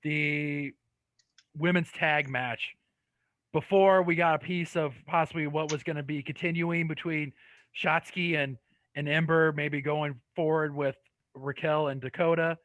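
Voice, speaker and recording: Higher-voiced man reviewing wrestling matches. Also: steady tone, measured pace, fairly bright tone, dry recording, rough recording. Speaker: podcast co-host.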